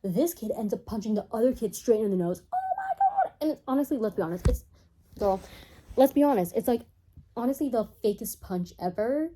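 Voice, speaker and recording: A chatty woman recapping a cartoon for her channel, with sarcastic, animated asides. Her voice is mellow and warm rather than bright, and the delivery is loose and conversational. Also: on the high side, a little fast, slight background noise. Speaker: commentary YouTuber. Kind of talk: casual comedic recap of a cartoon.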